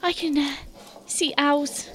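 A woman voicing a kindly, flour-dusted village baker who speaks softly and hesitantly. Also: high-pitched, fairly even intonation, slow, voice pushed up. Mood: hopeful. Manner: soft, hesitant, motherly.

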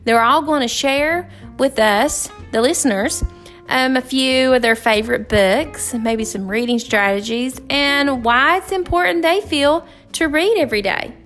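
A middle-aged woman, a teacher hosting a podcast, telling a heartfelt personal story in an earnest, halting way with many fillers and restarts. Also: sits high, fairly bright tone, soft background music. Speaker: podcast host and fourth grade teacher.

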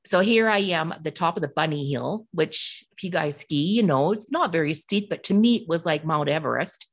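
A middle-aged woman co-hosting a podcast, telling a personal story in a casual, animated way and acting out the voices of the people in it. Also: low-pitched, brisk. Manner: animated, acts out quoted voices. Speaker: podcast co-host.

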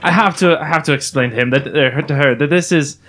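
A man's voice: a little high, racing, noisy background, close to an everyday voice. A man putting on a pompous male expert voice in a comedy bit. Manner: fussy, blustering.

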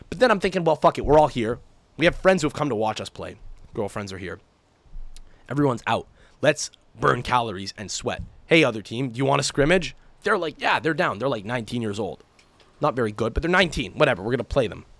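Young male podcast host, animated profane storyteller, dry close mic. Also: a little high, a little fast, no room sound. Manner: animated, profane, mimics people in shouty voices. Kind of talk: casual chat, ranting storytelling.

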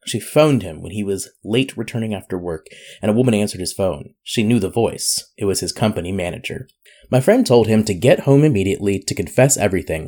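A man co-hosting a casual podcast, joking and laughing and reading an advice letter aloud. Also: fairly low pitch. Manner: joking, laughs often, lively. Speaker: podcast co-host.

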